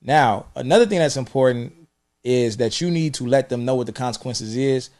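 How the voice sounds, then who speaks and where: A man's voice: medium pitch, moderate pace. A man who used to teach, chatting casually and acting out stories on a podcast. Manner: relaxed, storytelling, acts out yelling. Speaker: former teacher.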